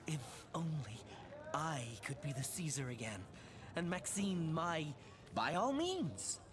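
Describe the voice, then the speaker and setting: A man's voice: fairly high pitch, big pitch swings, slow. A man voicing a vain, wistful stray tomcat in a video game, speaking in flowery, old-fashioned phrasing.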